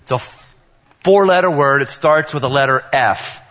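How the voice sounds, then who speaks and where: Man, middle-aged, pastor, sermon, playful, animated, bright tone, muffled hall recording. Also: normal speed. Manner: animated, playful, acts out dialogue with big pitch jumps.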